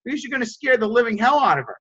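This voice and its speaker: A man's voice: very high voice, big pitch swings, racing, a bit bright, slightly rough. A man leading a sales coaching call with his group. He stumbles over and repeats words and keeps checking in with "right?". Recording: dull lo-fi audio.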